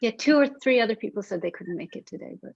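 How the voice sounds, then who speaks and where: A woman's voice: fairly high pitch, lively intonation, quick pace, vocal fry, a crowd in the background. A woman taking part in a video call workshop, talking in an earnest, self-deprecating way. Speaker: workshop participant. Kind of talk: casual video call chat. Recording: dry, dull video call audio.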